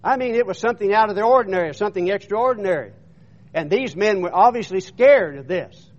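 A man's voice: high-pitched, animated, fairly quick. A man preaching a sermon, retelling scripture in an emphatic storytelling manner and often repeating words. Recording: dull muffled recording.

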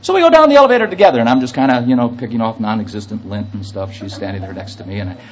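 A man's voice: mid-range voice, expressive, very fast, muffled recording. A man preaching a sermon, telling an anecdote and then building to emphatic preaching. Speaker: pastor.

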